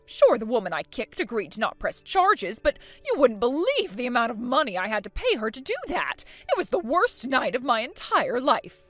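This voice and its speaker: Woman voicing a bossy older grandma, loud and haughty, lively high swoops, faint music under. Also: normal speed, few pauses, no room sound. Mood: indignant. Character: bossy older mother-in-law, loud and self-righteous.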